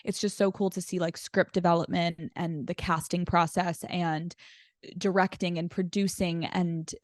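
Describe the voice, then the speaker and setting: Animated woman telling stories, dry close mic. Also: on the low side, normal speed, no echo. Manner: animated storyteller acting out quotes. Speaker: podcast guest. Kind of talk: casual chat.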